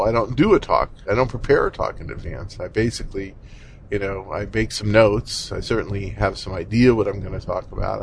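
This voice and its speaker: Man, lowish voice, casual rambling monologue, blunt and exasperated, faint background noise. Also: creaky, poor audio. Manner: rambling, conversational storytelling with many fillers; exasperated, blunt, mild swearing.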